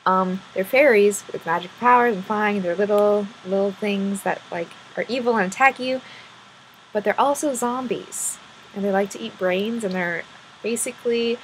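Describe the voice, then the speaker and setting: A woman vlogger telling a made-up story in a casual, playful way, rambling and filling gaps with "um." Her voice sits at a middle pitch. A faint noise runs underneath. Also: normal speed, rough recording.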